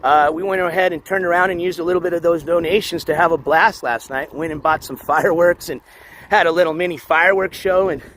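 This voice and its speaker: A man hosting a casual walking livestream outdoors, reading the chat aloud, shouting thanks for donations, and losing his voice. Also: on the high side, steady tone, fast. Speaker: livestream host. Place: outdoors on city streets, walking dogs. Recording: faint street noise outdoors.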